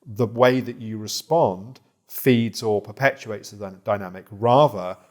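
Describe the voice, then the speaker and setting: A man guiding a therapy client, calm and reflective, explaining ideas with small restarts. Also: on the low side, unhurried. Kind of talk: therapy session guidance.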